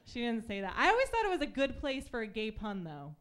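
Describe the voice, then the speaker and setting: A woman's voice: fairly high pitch, huge pitch swings, fast talker, a bit bright. A young woman telling stories in a stand-up comedy set on a club stage, chatty with lots of fillers and acted-out voices.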